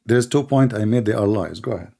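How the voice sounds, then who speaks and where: A man's voice: lowish voice, fast talker, creaky, warm tone. A man whose first language is Arabic, from the Middle East, hosting a live call-in debate in a blunt, mocking way and repeating himself often. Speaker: debate show host.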